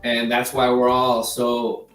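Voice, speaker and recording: A man chatting casually as a guest, earnest and halting, often repeating words as he starts his sentences. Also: mid-range voice, monotone, fairly bright tone, faint music behind. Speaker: guest, group member. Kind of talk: casual chat. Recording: roomy sound from far off the mic.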